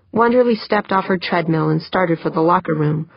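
A woman reads a novel aloud in steady, measured narration. Her voice is gravelly and husky, and the recording is dull and dry. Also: fairly low pitch, no echo. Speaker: audiobook narrator. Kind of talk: scripted narration.

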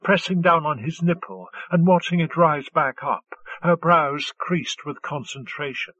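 A man reads a story aloud at a slow, unhurried pace. His voice is slightly high and husky. The recording is dry and dull. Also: bright, forceful tone, no room sound. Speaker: audiobook narrator. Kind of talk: scripted narration.

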